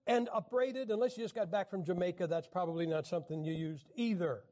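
A man teaching a Bible class in a folksy, joking way, often clearing his throat and restarting his sentences. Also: high-pitched, fairly even intonation, a little fast, mellow, a little hiss or hum. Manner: frequent throat clearing and restarts, jokey asides. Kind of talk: folksy teaching talk with jokes.

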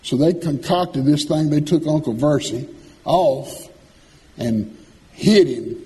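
A man preaching a sermon, folksy and animated, swinging from loud calls to soft asides. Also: on the high side, measured pace, pauses often.

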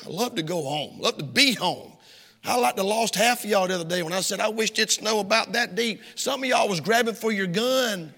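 A man preaching a sermon, folksy and emphatic, swinging between shouts and hushed asides. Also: high voice. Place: church sanctuary. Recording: reverberant hall.

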